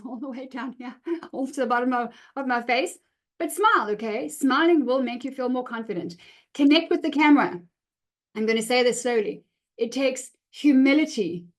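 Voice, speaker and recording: High-voiced middle-aged lady coaching a webinar, punchy, keeps saying okay. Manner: energetic, punctuates with "okay?". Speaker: confidence coach.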